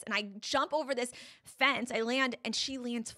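Bright-voiced young mom telling a tale. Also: female voice, a little high, steady tone, normal speed. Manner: breathless, vivid retelling with many "like"s. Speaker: podcast guest. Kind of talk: emotional personal storytelling.

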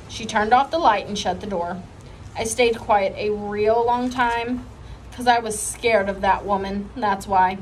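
A woman's voice: medium pitch, unhurried, a little hiss or hum, low-quality recording. Woman reading a children's book aloud. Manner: expressive storytelling. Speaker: reader.

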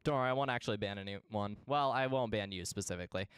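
A man's voice: fairly low pitch, fast, a bit bright, clear, resonant tone, no echo, clean studio sound. A young man streaming a game live, chatting casually and playfully with his viewers and greeting them in bursts.

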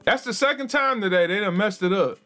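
A man streaming a game live, excitable and swearing a lot as he yells at the game, with game music behind him. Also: high voice, a little fast. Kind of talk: live gameplay commentary.

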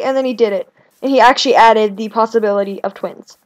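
A young woman chatting casually while playing a video game, rambling and swinging between whiny complaints and excited outbursts. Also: a little high, moderate pace. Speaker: gaming video creator. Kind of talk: casual let's-play commentary.

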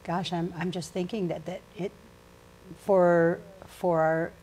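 Female senator, Guam accent, lowish voice, hesitant, faint room noise. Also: flat delivery, slow, dark tone. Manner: hesitant, searching for words. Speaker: senator and candidate. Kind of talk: answering panel questions.

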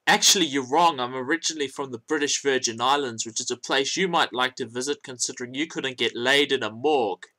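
A man's voice: medium pitch, a little fast, hardly any pauses, sharp tone. A man commenting on another creator's video with mocking sarcasm and frequent swearing. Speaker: YouTube commentator.

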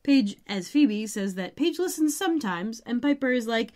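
A woman's voice: on the high side, lively intonation, moderate pace, few pauses, a little mellow. A woman co-hosting a podcast, recapping scenes in easygoing casual chat and often chiming in to agree. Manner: easygoing, brief agreeing interjections. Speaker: podcast co-host.

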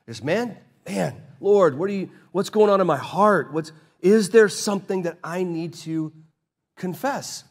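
A man preaching a sermon as pastor, casual and conversational, acting out both sides of dialogues and slowing down to read scripture. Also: high voice, breathy edge. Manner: slows down and drops quiet to read scripture.

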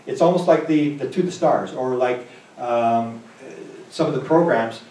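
A man's voice: mid-range voice, darkish tone, roomy sound, distant mic, a little hiss or hum, low-quality recording. A man answering audience questions as a UFO researcher, telling rambling stories full of quoted dialogue. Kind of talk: conference Q&A answer. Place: lecture hall.

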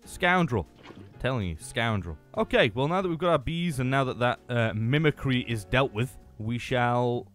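A young man giving playful, excitable commentary on his Minecraft game, taunting the mobs and laughing often. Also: mid-range voice, moderate pace, hardly any pauses, soft background music. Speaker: gaming YouTuber. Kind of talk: Minecraft let's-play commentary.

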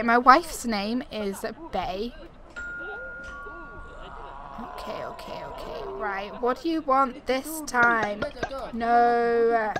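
A woman doing chatty let's play commentary at home on a desktop mic, narrating her moves and often laughing. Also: on the high side. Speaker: gaming YouTuber. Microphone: desktop USB mic.

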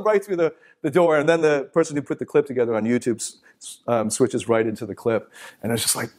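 Speaking quickly in a somewhat high, darkish voice, this middle-aged man gives a motivational talk live. He doesn't soften anything, cursing freely and acting out the voices of those he quotes.

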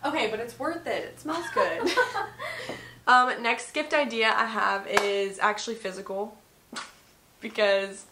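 A woman's voice: on the high side, fairly even intonation, measured pace, background noise. A young woman in her twenties chatting casually in a gift-guide vlog from her bedroom, saying "like" a lot. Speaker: vlogger. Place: bedroom at home. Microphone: vlog camera.

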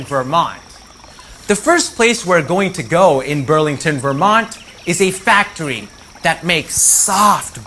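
Upbeat male kids' show host, slow and deliberate, playful, music bed behind. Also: high-pitched. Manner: upbeat, talks directly to young viewers; playful, acts out animals. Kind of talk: preschool educational presenting.

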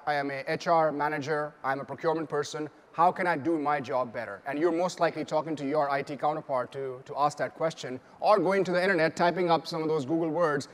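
A man giving a conference keynote on a stage microphone, explaining earnestly with fillers and restarts. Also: on the high side. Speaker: keynote speaker. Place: large conference hall. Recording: long hall reverb.

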